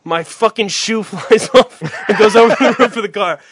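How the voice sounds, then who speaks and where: A man's voice: high-pitched, normal speed, a loud crowd. A man hosting a talk show, telling a long, profane, rambling story in exasperation. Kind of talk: profane comedic rant.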